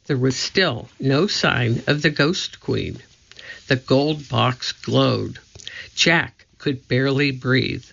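A narrator reading a children's chapter book aloud in a slow, deliberate way. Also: medium pitch, gravelly, a bit bright. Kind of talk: storybook reading. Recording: muffled lo-fi recording.

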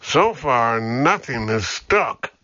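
A man reading an audiobook, voicing a steady middle-aged police captain who speaks in a measured, restrained way. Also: medium pitch, no room sound, lo-fi sound, exaggerated voice.

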